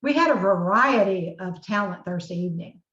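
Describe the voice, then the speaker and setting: A woman's voice: medium pitch, expressive, normal speed, sharp tone. Woman hosting, in a roomy room. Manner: inviting, prompting the audience. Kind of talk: hosting a live online chat. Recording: roomy, dull call audio.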